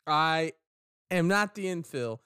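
A man's voice: a little high, animated, takes it slowly, pushed and bright, smooth, no room sound. A man co-hosting a casual podcast, joking and rambling playfully on a close mic. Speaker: podcast co-host.

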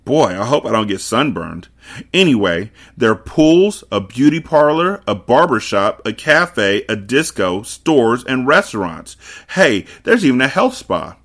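A man's voice: mid-range voice, sing-song, unhurried, a bit bright, exaggerated voice. A man reading aloud, voicing a bubbly young girl with a chirpy, chatty manner. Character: bubbly young girl, Mary Anne's friend.

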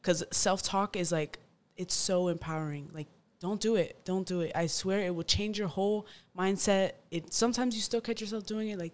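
A woman's voice: mid-range voice, fairly even intonation, normal speed. A woman guest on a casual podcast, talking animatedly and acting out her own self-talk. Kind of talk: casual chat.

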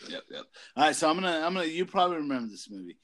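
A man co-hosting a podcast in casual chat, swearing constantly and giggling through animated stories. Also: on the high side, racing. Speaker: podcast co-host.

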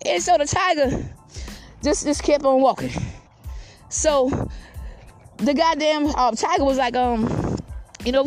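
A woman's voice: high-pitched, slow, pauses often, a little mellow, faint music behind. A woman telling a rambling comic story, cussing and tagging lines with filler questions.

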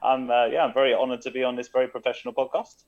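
A man, a podcast guest who talks in quick bursts. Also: medium pitch, level tone, dull audio. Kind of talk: casual podcast chat.

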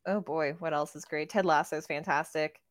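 A woman's voice: deep voice, fairly even intonation, a little fast, no room sound, studio quality. A woman from Las Vegas on a panel, chatting in a playful, joking way. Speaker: panel guest. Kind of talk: casual panel chat.

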